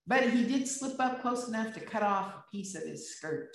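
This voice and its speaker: A woman's voice: fairly high pitch, animated, moderate pace, vocal fry. A woman preaching a sermon, retelling a scripture story in plain words and asking the listeners rhetorical questions. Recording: very echoey room, distant mic.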